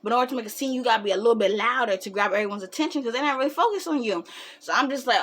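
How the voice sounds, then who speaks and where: A young woman telling a story in casual storytime style, animated and quick to laugh. Her voice is high and bright, recorded close to the mic.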